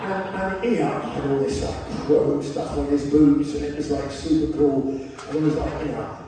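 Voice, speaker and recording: A man's voice: a little high, fairly even intonation, moderate pace, dark tone. A man performing wry, self-mocking comic stories on a theater stage, recorded from the front row. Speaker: spoken word performer. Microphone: camera in the front row of the audience. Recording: distant echoey theater hall, crowd noise.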